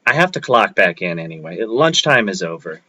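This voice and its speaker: A man's voice: deep voice, very animated, normal speed, bright, forceful tone, slightly rough, full character voice. A man reading aloud, voicing a playful, teasing young woman who works in his office.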